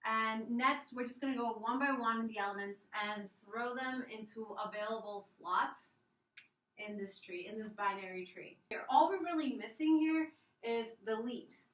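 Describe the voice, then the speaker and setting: A woman's voice: fairly high pitch, moderate pace, fairly bright tone, reverberant, far from the mic, poor audio. A young woman, a student presenter, casually explaining an algorithm step by step over slides, with fillers and restarts. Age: young adult.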